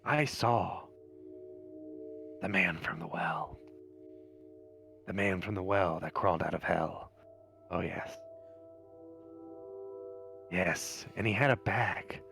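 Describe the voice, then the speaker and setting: A man's voice: deep voice, takes it slowly, gravelly, pauses often, music in the background, pitched below the performer's own voice, heavily acted. A man voicing a jittery, paranoid drunk hermit who whispers and mumbles fearfully. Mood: paranoid hushed.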